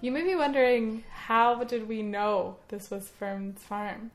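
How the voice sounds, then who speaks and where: A woman's voice: fairly high pitch, fairly even intonation, measured pace. A young adult woman co-hosting a comedy vlog, teasing playfully with hesitant fillers. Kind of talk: casual comic chat.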